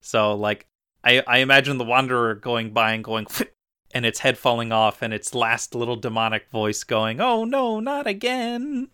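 A man's voice: medium pitch, little pitch movement, normal speed, bright, forceful tone, clear, resonant tone, no room sound, studio quality. A man co-hosting a podcast, chatting enthusiastically and describing details with some fillers. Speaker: podcast co-host. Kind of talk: casual chat.

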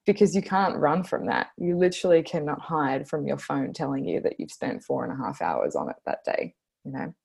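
A woman in her twenties with an Australian accent, a guest talking casually on a podcast, earnest and quick to laugh. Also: low-pitched, expressive, gravelly, a little mellow, husky. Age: 20s. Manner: earnest, laughs often, speaks slowly when stressing a point.

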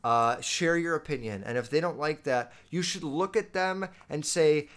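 A young man talking casually and bluntly into the camera, swearing a lot and getting animated as he reads out and answers viewer comments. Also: on the high side, moderate pace, few pauses. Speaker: vlogger reading viewer comments. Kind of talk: casual unscripted monologue.

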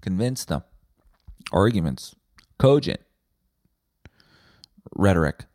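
A man's voice: deep voice, very animated, slow, darkish tone, no echo. A man hosting a podcast, delivering a rambling, profane, sarcastic comedic monologue on a close mic. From Winnipeg, Canada. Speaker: podcast host.

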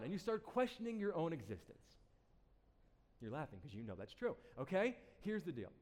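A man preaching a sermon to a congregation, animated and playful, acting out the people he quotes and repeating words as he starts a thought. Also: high-pitched, moderate pace. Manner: animated, acts out quoted voices. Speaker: pastor.

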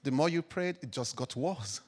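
Man, pastor, sermon, emphatic preaching, very lively pitch. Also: moderate pace. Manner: emphatic preaching with swings from loud declaration to quiet reflection.

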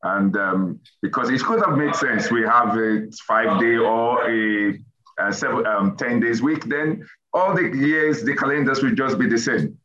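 A man's voice: medium pitch, measured pace, sharp tone, a little hiss or hum. A man in a casual discussion, speaking emphatically in firm statements. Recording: dull lo-fi sound.

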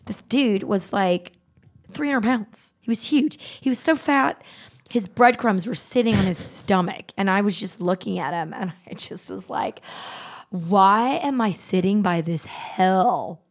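A middle-aged woman hosting a podcast, telling stories in a blunt, animated way, swearing freely and acting out the people she quotes. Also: mid-range voice, normal speed. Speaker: podcast host. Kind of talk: casual storytelling chat.

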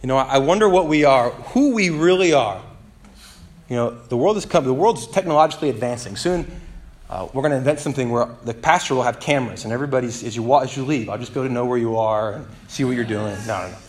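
A pastor delivers a sermon at a fast clip in a medium-pitched voice. He's animated and conversational, tossing in playful asides and inviting the congregation to call back to him.

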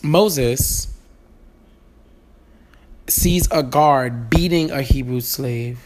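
A woman's voice: rumbling low, very slow, a little mellow. A woman spins a Bible story as loose comedy, full of slang and swearing. She jumps into the characters' voices and keeps laughing at her own jokes. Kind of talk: comic retelling of a Bible story.

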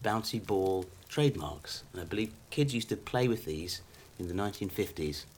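A man co-hosting a comedy podcast, presenting supposedly haunted curios in a mock-solemn salesman manner with halting restarts. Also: fairly low pitch, lively intonation, slight background noise. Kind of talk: improvised comic patter.

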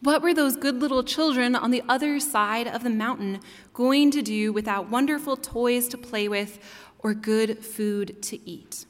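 A woman preacher retelling a children's story in a sermon, expressive and playful with her asides. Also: a little high, a little slow. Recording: long hall reverb.

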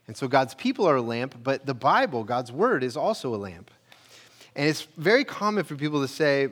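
A male pastor giving a conversational sermon, rising for emphasis on questions and dropping low and quiet on key lines. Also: big pitch swings, normal speed.

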